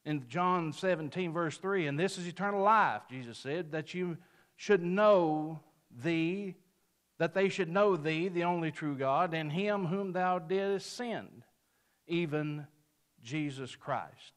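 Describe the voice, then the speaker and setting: Emphatic male preacher, slightly high voice. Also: slow. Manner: emphatic, rises on quoted scripture and drops at phrase ends; mimics a picky customer in a folksy aside. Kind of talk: sermon-style Bible teaching.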